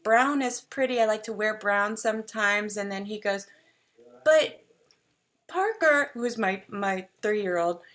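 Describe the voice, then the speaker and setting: A woman in her thirties chats on a podcast with a bright, crisp tone. She tells stories in a loose, talkative way and laughs easily along the way. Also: mid-range voice, steady tone, moderate pace, few pauses. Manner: chatty, laughs while telling stories. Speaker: podcast guest, stand-up comedian. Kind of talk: casual podcast chat.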